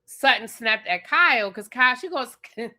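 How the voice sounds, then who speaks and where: A woman with a bright, forceful voice sits on her own channel and rants through a live TV review. She is blunt and profane, and she talks at the show's cast as if they could hear her. Her voice sits a little higher than most women's. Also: animated, normal speed. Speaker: TV show reviewer and channel host.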